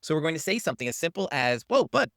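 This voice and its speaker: A man's voice: fairly high pitch, expressive, very fast, a bit bright, smooth, no echo, clean studio sound. A man hosting a parenting channel, teaching to camera in an upbeat coaching manner and acting out what to say to a child.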